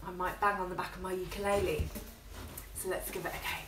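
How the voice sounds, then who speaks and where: A woman leading a toddler music class in a coaxing, sing-song manner, swooping between high and low notes. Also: flat delivery, fast, very noisy. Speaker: children's music teacher. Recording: echoey room with ukulele playing.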